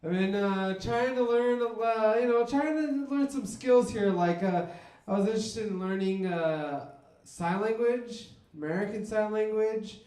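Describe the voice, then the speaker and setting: A man of Mexican background doing a deadpan stand-up set in a comedy club. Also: high voice, measured pace. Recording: echoey club room.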